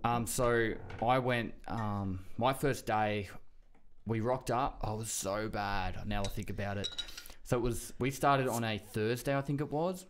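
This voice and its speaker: A man's voice: lowish voice, a little slow, slight background noise. An Australian man chatting casually in a laid-back way, often trailing off mid-sentence. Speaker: guest. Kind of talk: casual chat.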